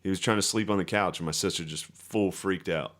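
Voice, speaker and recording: A man's voice: low voice, brisk, a bit bright. A man co-hosting a comedy podcast, telling stories in casual, profane chat and laughing often. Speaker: podcast co-host.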